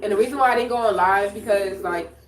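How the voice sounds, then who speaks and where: A sick woman hosts a casual livestream from home, chatting and reading viewers' comments aloud as she answers them. Her medium-pitched voice moves fast, and she's far from the mic in an echoey room with music and crowd noise behind her.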